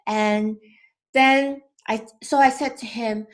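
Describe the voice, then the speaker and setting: A woman in her thirties gently telling a personal story about her young son, in a casual, unhurried way. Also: a little high, fairly even intonation.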